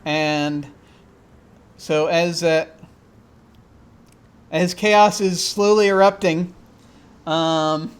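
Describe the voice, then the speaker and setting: A man with a fairly high voice runs a tabletop role-playing session as game master. He describes the scene haltingly, rambling and filling pauses as he goes. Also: clear, resonant tone. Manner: halting, rambling, with many fillers.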